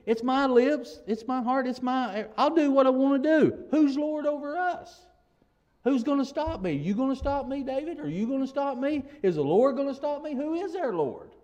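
A man's voice: very high voice, lively intonation, normal speed, darkish tone, highs cut off, voice pushed up. A preacher putting on a boastful, taunting wicked man. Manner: raised, taunting, emphatic.

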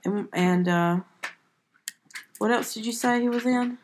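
A woman's voice: on the high side, measured pace, slight background noise. A woman hosting a casual movie podcast, chatty and rambling, often restarting her sentences. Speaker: podcast host.

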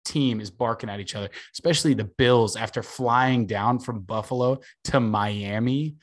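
A man's voice: medium pitch, moderate pace. A young man chatting casually as a podcast host, telling stories with energy, swearing freely and acting out what others said. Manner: animated storyteller, swears freely, acts out quotes. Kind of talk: casual chat.

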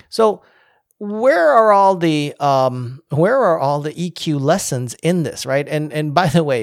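A man's voice: creaky, no echo. Guy doing a casual commentary vid, emphatic, gets punchy on his points, dead dry sound. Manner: emphatic, rises in pitch when making a point. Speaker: commentator on leadership.

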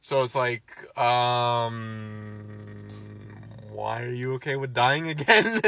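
A man's voice: medium pitch, slow pace, gravelly, pushed and bright, no room sound. A man casually recapping a film, ranting and swearing, exasperated. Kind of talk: casual movie recap chat.

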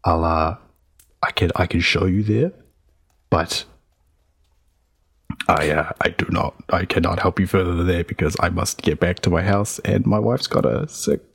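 A man's voice: low-pitched, steady tone, normal speed, gravelly, long pauses, husky, dry recording, clean studio sound, full character voice. A man voicing a worried, rambling male farmer who gives a quest in a tabletop game. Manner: hesitant, rambling.

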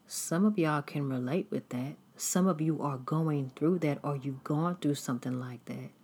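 A woman preacher delivering a sermon in a deliberate, emphatic, repetitive cadence. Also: a bass voice, warm tone, husky.

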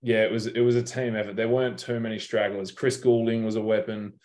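A man's voice: lowish voice, flat delivery, fast talker, a little mellow. A young Australian man telling stories in a casual interview, laid-back and slangy with plenty of swearing. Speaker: guest basketball player.

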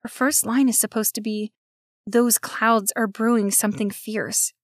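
A woman's voice: a little high, fairly even intonation, unhurried, dry recording, clean studio sound, close to an everyday voice. A woman doing an anxious young girl whispering. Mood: hushed. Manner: hushed, urgent backstage whispering. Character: earnest young girl, anxious stage performer.

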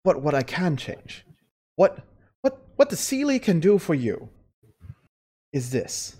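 A scheming fey courtier from a tabletop game, voiced by the game master, who swears freely and makes a pushy pitch. The voice swoops up and down a lot. She coaxes and needles in turn. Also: sing-song, slow, warm tone, breathy edge, exaggerated voice. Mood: persuasive. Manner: profane persuasive sales pitch. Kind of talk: tabletop role-play.

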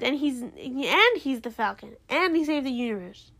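A young woman with a high, bright-sounding voice talks through a show episode in a loose, chatty way. She gets heated and indignant, swinging between muttered asides and loud outbursts. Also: normal speed. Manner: animated, indignant, acts out characters in quotes. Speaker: show reviewer. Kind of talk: casual recap chat.

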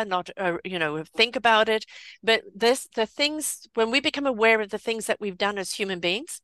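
A woman's voice: a little high, moderate pace, fairly bright tone, clean tone, no room sound. A woman hosting a casual spiritual conversation over a video call, speaking earnestly and emphatically, often repeating her phrases. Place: home, remote from guest.

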